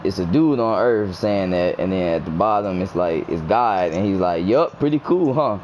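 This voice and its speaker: A young man chatting casually while gaming with friends, excitable, swearing, often shouting and laughing into a headset mic. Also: low voice, normal speed, slight background noise. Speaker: gamer streamer.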